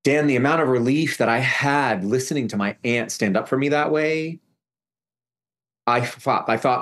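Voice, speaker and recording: A man speaking as a guest on an interview show, recounting a painful episode from his past. He talks in halting bursts, restarting sentences and circling back on the same phrases, his pitch sitting in an ordinary middle range. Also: fairly bright tone. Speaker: podcast guest. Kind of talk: emotional personal storytelling.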